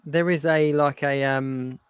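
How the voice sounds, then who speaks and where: A man's voice: fairly high pitch, steady tone, slow pace, smooth, no room sound. A man co-hosting a casual live stream, easygoing and agreeable, often repeating his phrases. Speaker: co-host.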